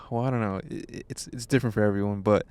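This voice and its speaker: A young man co-hosts a podcast and talks in loose, rambling chat. He restarts his sentences often and swears freely. His voice is smooth and clear, recorded dry and close with no room sound. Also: lowish voice, fairly even intonation, fast talker, a little mellow, no echo. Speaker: podcast co-host. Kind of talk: casual chat.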